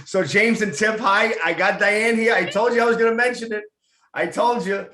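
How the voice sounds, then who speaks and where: A man's voice: sits high, normal speed, bright, forceful tone, a little hiss or hum. A man hosting an interview show, chatting in a jokey, enthusiastic way. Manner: jokey and enthusiastic, plugs bands. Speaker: show host. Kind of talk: casual interview chat. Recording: echoey room.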